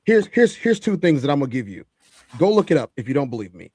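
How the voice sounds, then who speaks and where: A man's voice: medium pitch, big pitch swings, quick pace, a little mellow, breathy edge, no room sound. A man co-hosting a talk show, giving opinionated commentary in an emphatic, preachy way and repeating his points for effect. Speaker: podcast co-host.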